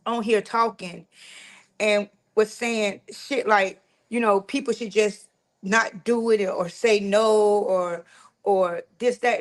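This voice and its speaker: A woman, telling a personal story to her followers in an animated, frank way, full of slang and cursing. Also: fairly high pitch.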